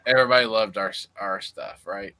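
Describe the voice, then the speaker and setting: A man co-hosts a loose livestream chat, laughing a lot and circling back over his words. His voice sits low but sounds bright, with a slight lisp. The sound is dry and close. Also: brisk, dry recording. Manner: joking, rambling, laughs often, many restarts. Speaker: co-host.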